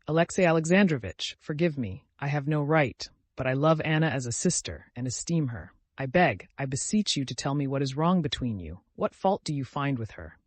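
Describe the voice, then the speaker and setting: A man's voice: lively intonation, normal speed, hardly any pauses, no room sound, natural voice. A man voicing a pleading distressed noblewoman. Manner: emotional, imploring, raised pitch. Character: distraught pleading noblewoman, warm-hearted friend.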